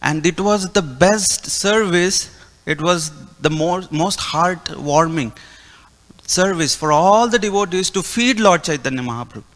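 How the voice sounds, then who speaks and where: Bright-voiced preacher telling a story. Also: male voice, high-pitched, a little slow, in a large hall. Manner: animated, acts out dialogue. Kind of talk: storytelling sermon. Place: temple hall.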